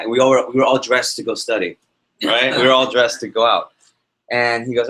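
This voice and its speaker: Brisk and mid-range, a man's voice comes through a rough recording as he leads a live sales workshop in a meeting room. He's energetic, telling stories and putting questions to the audience in this motivational talk.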